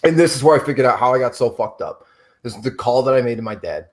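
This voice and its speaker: A man's voice: mid-range voice, quick pace. A man hosting a casual online talk show, telling stories full of swearing. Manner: profane, animated storyteller. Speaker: show host. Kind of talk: casual storytelling chat.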